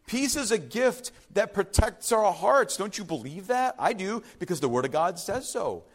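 Male preacher, high and very animated, dramatic sermon delivery with sudden soft drops. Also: moderate pace. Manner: dramatic, swings from loud urgency to soft hush. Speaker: pastor.

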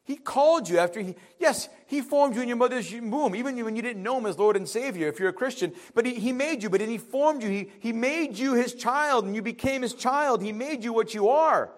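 A male pastor with a high voice delivers a conversational sermon. He slows down for emphasis, drops his voice for the quiet lines and acts out the quotes in between. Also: animated. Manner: conversational preaching with dramatic pauses and acted quotes.

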